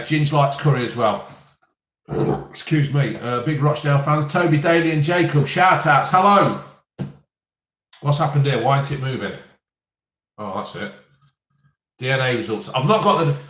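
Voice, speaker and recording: A man's voice: fairly high pitch, animated, normal speed, pauses often, a bit bright, roomy sound. Chatty man in his fifties. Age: 50s. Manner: chatty, jokey, reads viewer comments aloud. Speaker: live stream host. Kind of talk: casual live stream chat.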